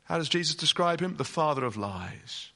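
A male preacher delivering a sermon with a bright, ringing voice that swings widely in pitch. He is emphatic and speaks directly to his listeners, asking them questions as he goes. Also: lively intonation, moderate pace.

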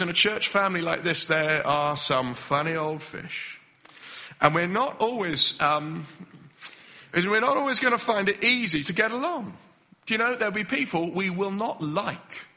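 A middle-aged man preaching a sermon, lively and acting out impatient voices. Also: a little high. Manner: animated, acts out impatient voices.

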